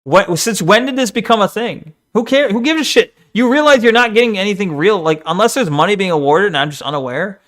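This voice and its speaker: A young man live-streams his reaction to a video, venting in an exasperated, profane way. His voice sits a little higher than most men's. He talks loosely and casually, like he's arguing with the screen. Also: animated, brisk, few pauses, a bit bright.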